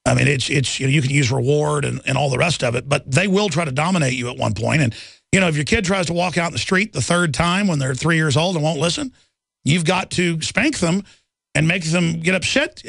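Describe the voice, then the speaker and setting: Middle-aged radio host guy ranting, gravelly voice kinda high, stumbles and repeats himself a lot, dry studio mic. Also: fairly quick, fairly bright tone, dry recording. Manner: rambling, repeats words and restarts, indignant. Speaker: radio talk show host. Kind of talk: impassioned talk radio monologue.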